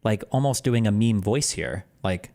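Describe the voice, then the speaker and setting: A man talking casually on his stream, explaining things quickly and animatedly, his voice jumping higher when he gets exasperated. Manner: fast, animated, explanatory talk that jumps up in pitch when exasperated. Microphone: close desk microphone.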